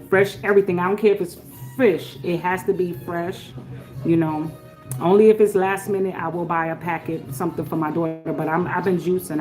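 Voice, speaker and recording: Chatty woman with a faint music bed. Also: lowish voice. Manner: blessing, chatty, swings between soft murmurs and loud laughing outbursts. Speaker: livestream host. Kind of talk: casual live-stream chat.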